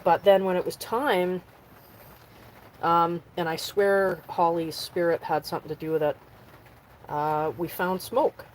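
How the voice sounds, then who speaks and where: A vanlife vlogger chats casually on a livestream from inside her camper van, talking to both her viewers and her dogs. She keeps a steady tone and measured pace with frequent pauses, though her pitch jumps high when she addresses the dogs. The recording is rough, with slight background noise.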